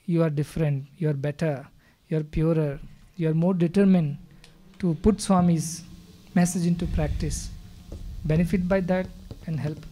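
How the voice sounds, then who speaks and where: A man giving a live spiritual discourse in a hall, speaking in a measured way and explaining with stories and scripture verses. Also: fairly high pitch, warm tone. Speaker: spiritual teacher. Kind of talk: satsang discourse.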